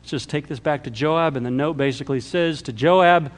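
Dynamic preacher swinging loud and hushed. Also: male voice, mid-range voice, fairly quick, few pauses. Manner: acts out quoted lines. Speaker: pastor. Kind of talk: sermon.

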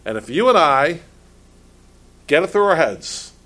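A man's voice: on the high side, very animated, measured pace, pushed and bright. A male pastor preaching a sermon, asking pointed rhetorical questions and stumbling over restarts as he builds his points.

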